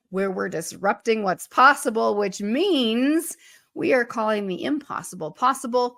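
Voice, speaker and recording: A woman co-hosting a podcast, her voice hoarse and froggy after losing it, upbeat and laughing often. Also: on the high side, lively intonation, a little slow, a bit bright, dry recording, studio quality. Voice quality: husky, froggy. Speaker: co-host. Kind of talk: casual podcast chat.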